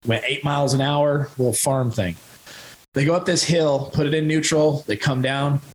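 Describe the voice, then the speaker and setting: A man in his thirties, a podcast guest, telling a raw, rambling personal story about recovery and his son's accident, breaking into shouted quotes now and then. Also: on the high side, fairly even intonation, moderate pace, a little hiss or hum, poor audio.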